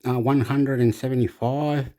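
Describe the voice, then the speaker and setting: Rambling Chilean man with a mellow voice. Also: medium pitch, steady tone. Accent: Chilean Spanish. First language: Spanish. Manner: rambling, halting, hesitant with many fillers. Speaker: channel host. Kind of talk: rambling casual monologue.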